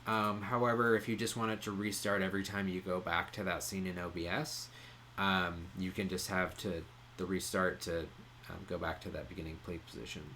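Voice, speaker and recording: A man presenting a casual software tutorial, explaining each step in a relaxed way with frequent "um" pauses. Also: low-pitched, slight background noise. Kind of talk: casual screen-share tutorial.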